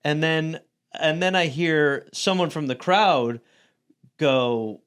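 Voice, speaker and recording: A man's voice: fairly high pitch, slow, clean tone. A man co-hosting a podcast, telling a story in casual, profane talk and acting out the people he quotes. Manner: animated, profane, acts out quoted voices. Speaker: podcast co-host.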